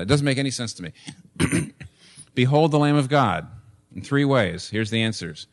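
Man in his sixties, church pastor mid-sermon, earnest, hammers points home by repeating them, mid-pitched voice. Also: expressive, normal speed. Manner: earnest, building to emphatic repetition.

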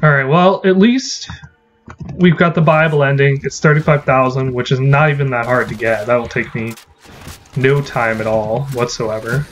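A man's voice: mid-range voice, slight background noise. A man giving casual, rambling gameplay commentary as a gaming channel host, swearing when frustrated.

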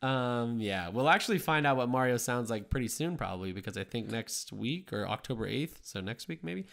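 A young man co-hosting a podcast in casual chat, chatty and quick to laugh. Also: medium pitch, vocal fry. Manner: laughs often, chatty and excitable. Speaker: podcast co-host.

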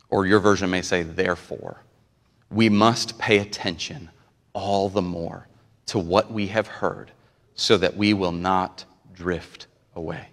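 A man preaching a live sermon as pastor, impassioned and swinging between quiet stretches and near-shouting. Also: fairly low pitch. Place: church sanctuary. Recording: long reverb of a large church hall.

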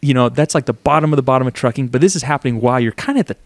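Teasing podcast host, dry close sound. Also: male voice, medium pitch, very fast, no echo. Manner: teasing, jokey asides. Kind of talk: casual chat.

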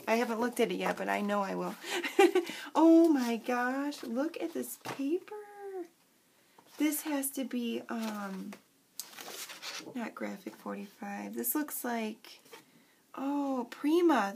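A woman's voice: on the high side, gravelly, slight background noise. Gushing young woman. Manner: gushing, excited, full of fillers and asides. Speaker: craft vlogger. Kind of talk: casual chat to camera. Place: home.

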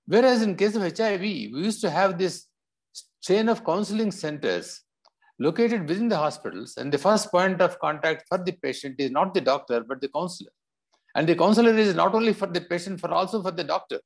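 A man from India speaking as a panelist in a public health discussion, explaining in a measured way. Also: fairly high pitch.

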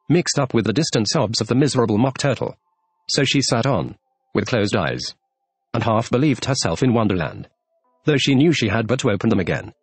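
A man reading a classic children's novel aloud as an audiobook narrator, in a measured storytelling manner. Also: mid-range voice, slightly rough, dry recording. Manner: measured storytelling, shifts tone for characters.

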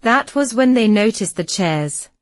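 A woman narrating a children's story slowly and carefully for English learners. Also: fairly high pitch, lively intonation, no room sound, studio quality. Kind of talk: slow scripted story narration.

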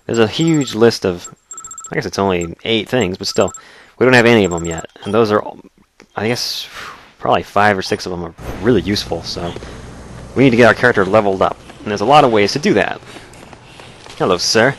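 A man's voice: fairly low pitch, lively intonation, brisk, slight background noise. A man hosting a let's play, giving casual gameplay commentary in a joking, explanatory way with frequent chuckles.

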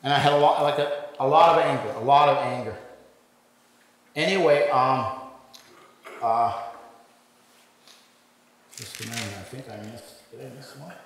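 A man's voice: medium pitch, a little slow, long pauses. A man in his sixties giving a rambling, conversational personal testimony at a church men's breakfast, with many restarts and fillers. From Ontario, Canada. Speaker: guest speaker giving testimony. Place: church hall. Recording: very echoey church hall with long reverb.

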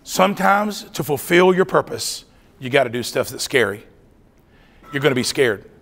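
A man's voice: mid-range voice, normal speed. A middle-aged man telling a story as a youth conference preacher, acting out the voices as he goes. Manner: animated storytelling, acts out voices. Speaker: youth speaker. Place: large church hall. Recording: reverberant hall.

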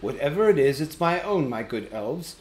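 A man voicing a small, fussy, businesslike male hobbit in an audiobook, prim and a little squeaky. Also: big pitch swings, moderate pace, darkish tone, a little hiss or hum. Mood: shivering, insistent. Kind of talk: audiobook character reading.

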